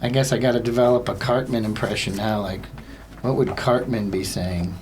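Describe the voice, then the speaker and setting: A man's voice: fairly low pitch, steady tone, normal speed, noisy background. A young man hosting a casual solo comedy podcast, rambling and self-deprecating, with lots of filler words.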